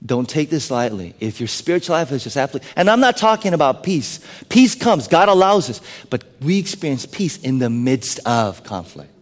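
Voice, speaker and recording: Pastor preaching with whispered asides. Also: male voice, medium pitch, very animated, fairly quick, hardly any pauses. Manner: dramatic shifts between loud emphasis and hushed whispers. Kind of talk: sermon. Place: church sanctuary. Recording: long hall reverb.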